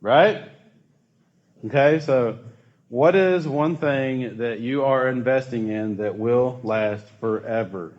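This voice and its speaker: A man's voice: mid-range voice, takes it slowly, muffled recording. A man leading a casual church youth group talk, chatty and asking the group questions.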